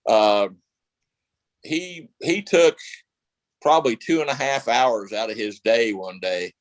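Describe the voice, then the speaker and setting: A man recounts his past in a relaxed interview, rambling and circling back with fillers. His voice sits at an ordinary pitch. The sound is dry and close. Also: slow, no echo, low-quality recording. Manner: rambling, many fillers and restarts. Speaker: actor guest. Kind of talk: casual interview storytelling.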